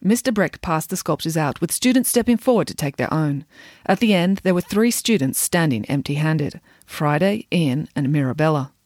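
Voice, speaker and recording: A woman children's author reading a bedtime story for her podcast. Her reading is measured and expressive, with a lively, swinging pitch. The recording is close and dry, with no room sound. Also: no echo.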